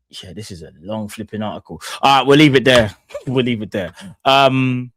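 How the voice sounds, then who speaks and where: A man's voice: mid-range voice, moderate pace, a bit bright, no room sound. A man hosting a live football stream, reading an article aloud in a casual, stumbling way and apologizing for slips. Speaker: podcast host.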